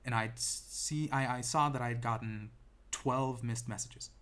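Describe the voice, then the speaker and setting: A man's voice: mid-range voice, steady tone, unhurried, fairly bright tone, clean tone. A young man telling a personal story to camera in a rambling, self-deprecating way, full of restarts and ums, seated indoors. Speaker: vlogger. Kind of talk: casual storytelling monologue.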